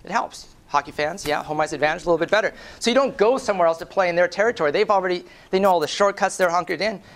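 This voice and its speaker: A man giving a lively storytelling presentation at a conference, animated and profane, often tagging lines with "right?". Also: high voice, racing. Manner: acts out quoted voices. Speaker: conference speaker.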